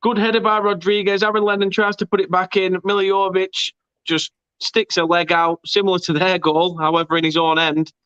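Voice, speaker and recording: A slightly high-voiced man runs a relaxed football watchalong, chatting and reading viewer comments between laughs. The sound is dry and dull, like a modest home mic on a live stream. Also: a little fast, smooth, dry recording. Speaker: host of fan watchalong. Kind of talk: casual match commentary chat.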